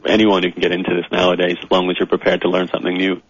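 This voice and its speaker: A man's voice: sits low, completely flat delivery, rapid-fire, dry recording, lo-fi sound. A man from Australia with a Canadian accent, a guest talking easily in an interview and laughing readily. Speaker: guest, professional blogger. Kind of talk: casual interview.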